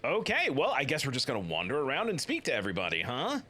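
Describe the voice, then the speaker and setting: A man's voice: mid-range voice, huge pitch swings, quick pace, pushed and bright. A man hosting a let's play, commenting on the game in a playful, cheeky way and swearing now and then. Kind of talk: gameplay commentary.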